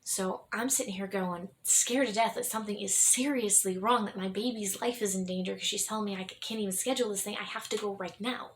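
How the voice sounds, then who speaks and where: A woman's voice: mid-range voice, fairly even intonation, quick pace, hardly any pauses, a little hiss or hum. Candid young woman telling a personal story. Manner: rambling and candid, with frequent restarts and soft laughs. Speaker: vlogger telling her birth story.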